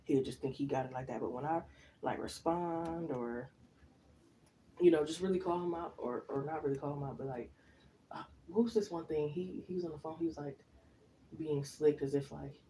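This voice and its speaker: A woman's voice: sits low, normal speed, mellow, distant mic, a little hiss or hum, poor audio. A woman tarot reader in casual live-stream chat, telling slangy stories and laughing often. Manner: chatty, slangy storytelling with frequent laughs.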